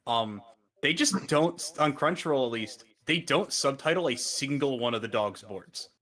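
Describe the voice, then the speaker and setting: A man's voice: medium pitch, expressive, moderate pace, a bit bright. A man co-hosting a podcast, chatting casually and animatedly, cursing freely. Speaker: podcast co-host. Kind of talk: casual chat.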